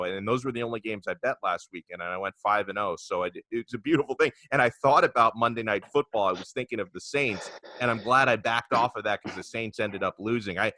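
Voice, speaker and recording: A man hosting a sports talk show in a loose, conversational way, stringing thoughts together with plenty of "you know"s. His voice is bright and forceful, sitting a bit low. The sound is dry and close, with no room around it. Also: no room sound. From South Florida. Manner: chatty, with filler words. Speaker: sports podcast host.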